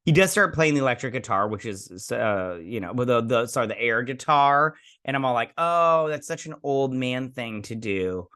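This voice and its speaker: A man's voice: medium pitch, expressive, moderate pace, hardly any pauses, sharp tone. Young male host, casual episode recap, rambling storyteller, mid-range voice. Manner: rambling retelling, quoting characters with "he's like". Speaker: show host.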